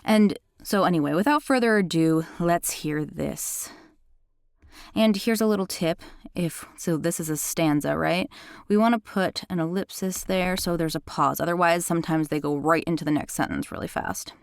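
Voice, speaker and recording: Chatty, lower-voiced woman tutorial host. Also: moderate pace, creaky, clear, resonant tone, dry recording, studio quality. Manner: chatty and enthusiastic, self-described critical listener. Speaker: audiobook narrator and tutorial host. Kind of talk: casual software tutorial.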